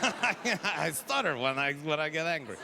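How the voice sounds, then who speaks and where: High-voiced ranting man, Quebec French accent. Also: very animated, unhurried, vocal fry. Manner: ranting, exasperated, shouts punchlines. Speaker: stand-up comedian. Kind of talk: stand-up set. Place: comedy festival stage. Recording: noisy live stage recording.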